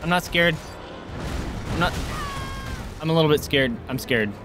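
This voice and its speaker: A man streaming a game live, commentating excitably, swearing freely and taunting the enemies on screen. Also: fairly high pitch, moderate pace, music in the background.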